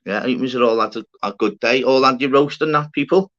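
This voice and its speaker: This man hosting a casual livestream talks fairly quickly with a medium pitch and a slightly bright tone. He wanders through topics, swearing and joking with chat viewers, all captured in dull, lo-fi audio.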